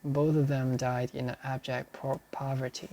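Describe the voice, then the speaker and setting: A man working through dictionary entries aloud, explaining them in a halting way and repeating each sample sentence several times. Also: mid-range voice, little pitch movement, mellow, slight background noise. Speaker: English learner studying a dictionary.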